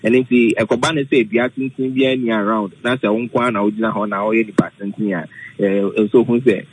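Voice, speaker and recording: A man explaining weather safety on the radio, halting, with many fillers, mixing English and Twi. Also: on the low side, steady tone, slight background noise, low-quality recording. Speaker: weather forecaster guest.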